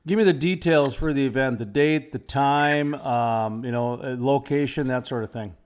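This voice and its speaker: A man's voice: mid-range voice, normal speed, smooth. A man hosting a radio interview, chatty and rambling, who jokes about himself. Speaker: radio host.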